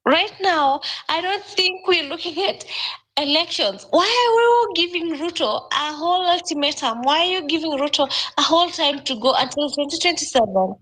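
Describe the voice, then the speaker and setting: A young Kenyan woman with a high voice speaks in an impassioned, urgent rush. She talks in a live audio chat room, often stumbling over repeated words as her feelings run high. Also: animated, normal speed, a bit bright, low-quality recording. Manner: emotional, urgent, repeats words while searching.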